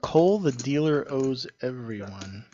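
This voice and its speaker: A man's voice: medium pitch, animated, measured pace, mellow. A man co-commentating a poker stream, chatty and reading out viewer messages. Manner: chatty, reads chat messages aloud. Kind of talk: casual play-by-play commentary. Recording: muffled stream audio with noise.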